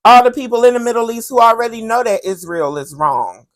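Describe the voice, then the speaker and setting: A woman hosting a commentary podcast who talks about current events in a sassy, animated way and keeps calling the listener "honey". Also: fairly high pitch, a little fast.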